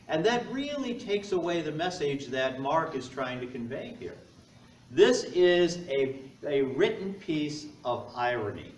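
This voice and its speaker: A male pastor delivers a conversational sermon, tossing in jokes and quick questions to the congregation. His voice sits a little high for a man. It rings around a large church from some distance off the mic. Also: a little hiss or hum. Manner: conversational, joking asides to the congregation. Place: church sanctuary. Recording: echoey church heard from afar.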